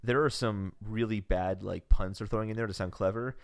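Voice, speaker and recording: A young man co-hosting a gaming podcast in casual chat, giving measured opinions with wry asides. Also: on the low side, steady tone, gravelly, clear, resonant tone. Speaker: podcast co-host.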